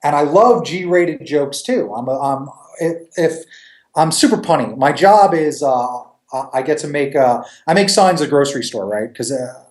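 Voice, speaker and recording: A man from New York, a comic creator, chatting in a casual interview with a joking, animated manner and free swearing. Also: on the high side, normal speed, roomy sound.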